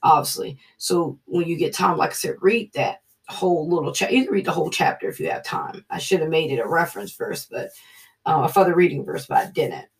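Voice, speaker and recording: Gravelly, lively Bible study leader. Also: medium pitch, distant mic. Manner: earnest, halting, drops to a hushed voice in the story. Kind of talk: Bible study teaching with personal testimony.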